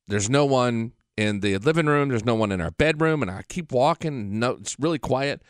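In a rambling, swear-filled monologue, a male radio host speaks at normal speed with a mid-range, animated voice that's clear and resonant. The radio studio mic captures a dry, close sound without echo.

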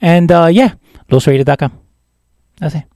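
Lively high-voiced older man, casual podcast. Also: moderate pace, no echo. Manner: animated, loose and swearing, dropping Spanish phrases. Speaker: podcast co-host.

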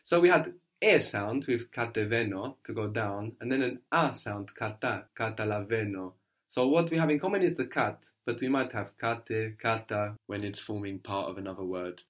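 A man's voice: lowish voice, normal speed, highs cut off. A man teaching a one-on-one language lesson, patiently prompting his student and explaining how words are built.

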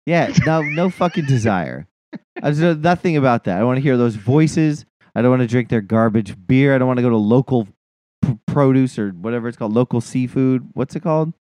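A man in his thirties, co-hosting a casual podcast, rants animatedly and swears heavily. His voice sits at medium pitch and moves fairly quickly, with no echo. It's profane, casual chat.

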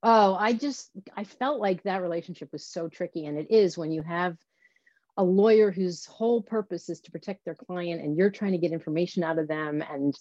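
A woman's voice: lowish voice, moderate pace, darkish tone, no echo, highs cut off. A woman hosting an interview, asking curious, probing questions. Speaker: podcast host, interviewer. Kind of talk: conversational interview.

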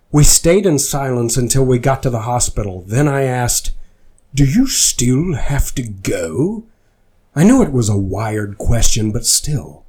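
A man's voice: medium pitch, darkish tone. Man reading fanfiction with mock drama. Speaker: fanfiction reader.

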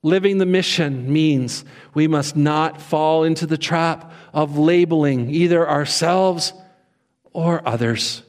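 A pastor delivers an unhurried sermon in a church, his voice sitting high for a man. He slips into little acted voices for comic effect. The hall rings with long reverb around him. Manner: animated, acts out quoted voices, conversational humor. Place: church sanctuary.

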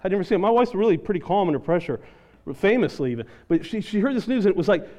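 High-voiced preacher telling a story. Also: male voice, rapid-fire. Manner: animated, self-deprecating storyteller. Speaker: pastor. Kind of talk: sermon storytelling.

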